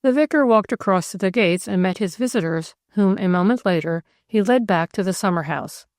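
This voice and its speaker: Woman reading an old mystery audiobook, middle pitch, steady and measured, super dry close sound. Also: no echo. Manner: measured, even storytelling. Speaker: audiobook narrator. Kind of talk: scripted audiobook narration.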